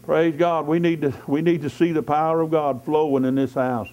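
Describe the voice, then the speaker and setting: A high-pitched man preaching with fervor at an evening church service, stacking repeated declarations and crying out hallelujah between them. The recording is dull and lo-fi, with the highs rolled off. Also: steady tone, normal speed. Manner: fervent, repetitive declarations punctuated by hallelujahs. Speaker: lay preacher.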